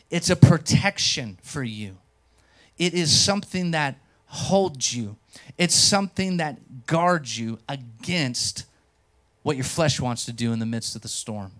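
A pastor preaching a sermon, telling stories with animation and speaking directly to the congregation. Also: male voice, medium pitch, measured pace. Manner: animated storytelling, acts out quotes. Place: church.

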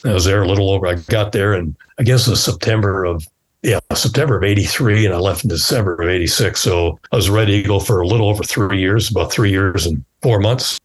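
A man's voice: deep voice, fast, breathy edge. A man in his sixties, a former fighter pilot, telling stories casually in an interview and acting out the dialogue. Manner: animated storyteller who acts out quoted dialogue.

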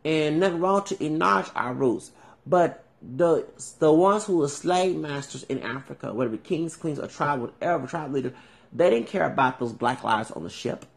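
A man's voice: on the high side, expressive, moderate pace, vocal fry. A man from Houston hosting a podcast, talking in a rambling monologue and often tagging "okay?" onto his points. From Houston, Texas. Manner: digressive, repeats "okay?". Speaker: podcast host.

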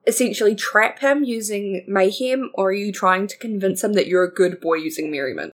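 A woman's voice: medium pitch, fairly quick. A woman narrating as game master of a tabletop game, playful, slipping into character voices.

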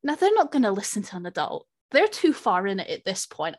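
A woman co-hosting a casual film podcast. She talks quickly and chattily, and she swears. Her voice sits at a middle pitch. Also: huge pitch swings. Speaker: podcast co-host. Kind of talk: casual film-review chat.

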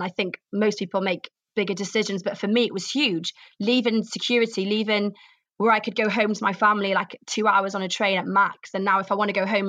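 A young Welsh actress being interviewed, talking earnestly and openly, repeating herself for emphasis. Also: female voice, medium pitch, fairly bright tone, no room sound. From Wales. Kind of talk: candid interview.

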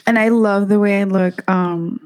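A woman's voice: mid-range voice, fairly even intonation, normal speed. A young woman co-hosting a casual chat, gushing and giggly, with some Spanish words slipped in. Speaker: podcast co-host.

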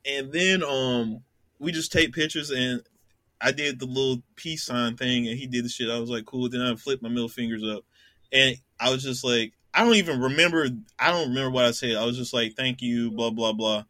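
In a casual podcast chat, a young man tells a long anecdote, laughing a lot and doing the voices of the people in it. His mid-range voice is steady and sharp, fairly quick, with no room sound.

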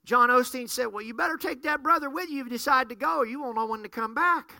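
Bright-voiced preaching pastor, man. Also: very high voice, fast talker, vocal fry, no echo. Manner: animated storyteller, acts out dialogue. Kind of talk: sermon storytelling.

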